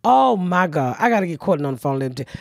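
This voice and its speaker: A middle-aged woman hosting a podcast, telling a story in a loud, profane, animated way. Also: lowish voice, fast talker, gravelly, no echo, studio quality. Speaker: podcast host. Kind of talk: casual storytelling chat.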